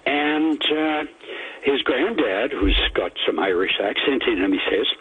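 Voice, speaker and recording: A man calling in to a radio show, telling a long joke in a meandering, hesitant way with many pauses. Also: mid-range voice, lively intonation, husky. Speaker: caller. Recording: tinny phone line with hiss.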